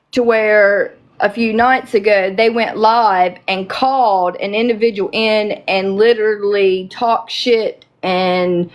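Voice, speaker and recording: Brief: female streamer, heated commentary, emphatic and cussing, unhurried pace. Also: on the high side. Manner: profane, emphatic, indignant. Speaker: livestream host.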